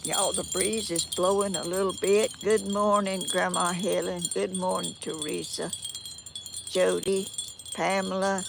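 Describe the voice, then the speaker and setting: With a measured pace, flat delivery, and vocal fry, this low-voiced older woman from Georgia rambles apologetically in her Southern accent to live-stream viewers. She's outside on a breezy morning, speaking to a tripod-mounted phone or tablet, and the background is noisy.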